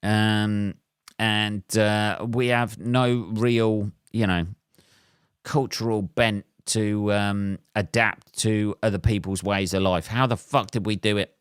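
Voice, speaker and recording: An English man talks alone on his podcast, drifting from thought to thought with wry, self-deprecating jokes and frequent ums. His voice sits a little low and comes across smooth and clean. The sound is dry and close, with no room around it. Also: fairly bright tone, dry recording. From England. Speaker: podcast host. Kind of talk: solo rambling podcast monologue.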